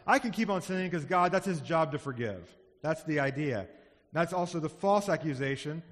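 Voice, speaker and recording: An earnest male pastor preaching a sermon, his voice sitting a little higher than most men's. He swells into emphatic, passionate passages. The sound hangs in a long hall reverb.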